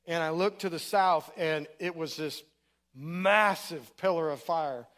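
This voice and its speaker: Man, middle-aged, preacher, relaxed storytelling sermon, church, slightly raised pitch. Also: measured pace. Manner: casual storytelling with conversational fillers. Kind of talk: sermon testimony.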